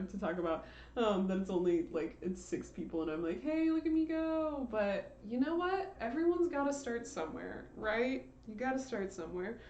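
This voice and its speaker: A woman's voice: mid-range voice, highs cut off, slight background noise. A young woman streamer chatting in a playful, rambling way full of slang and laughter, recorded in her bedroom. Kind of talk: casual rambling livestream chat. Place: bedroom with a large window. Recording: echoey room.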